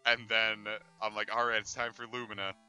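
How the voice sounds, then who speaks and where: Bright-voiced joking man, crude banter. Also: lowish voice, level tone, brisk, clean tone, lo-fi sound. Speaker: let's play host. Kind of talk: casual chat over gameplay.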